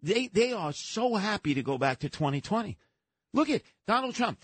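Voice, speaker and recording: Blunt, punchy man with a higher voice. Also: sing-song, moderate pace, fairly bright tone, husky, dry recording. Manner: emphatic, punchy short sentences, mocking. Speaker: co-host of a political talk show. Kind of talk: blunt political opinion chat.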